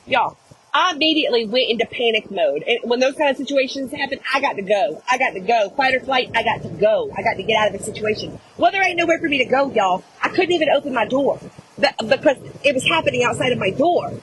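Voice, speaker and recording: A middle-aged woman telling a dramatic story to her viewers in a casual, animated way, often saying "y'all". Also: on the high side, fast talker, background noise. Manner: animated, addresses viewers as "y'all", acts out shouting.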